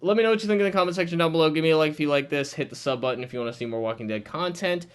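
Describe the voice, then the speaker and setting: A man's voice: on the high side, racing, clean tone. A young man hosting a comic review channel, ranting in exasperation, swearing a lot and saying "dude" often. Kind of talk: ranting commentary.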